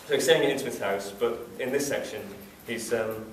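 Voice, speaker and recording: A Yorkshire man speaks thoughtfully about his writing, pausing and restarting often. His mid-pitched voice rings around a roomy festival venue and is picked up from well back in the room. A faint murmur of the space hangs behind him. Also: distant mic, a little hiss or hum. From Wakefield, England. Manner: thoughtful, halting, many ums. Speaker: author. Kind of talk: book launch talk and reading. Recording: echoey room picked up from afar.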